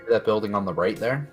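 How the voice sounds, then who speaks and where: A man's voice: lowish voice, a bit bright. A man playing a tabletop game, asking polite, hesitant questions. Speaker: player. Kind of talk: in-character tabletop play.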